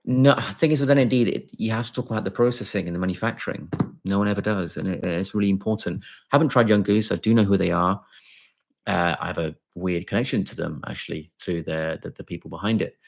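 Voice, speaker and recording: Low gravelly man answering live questions. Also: quick pace. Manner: conversational, many fillers and restarts, reads viewer questions aloud. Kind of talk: casual live Q&A.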